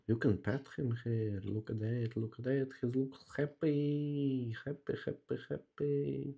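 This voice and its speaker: A man commentates a handheld game on a live stream, his voice dark and gravelly. He talks at an unhurried pace, musing aloud, then calls out loudly to a virtual puppy, swearing in his excitement. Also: mid-range voice.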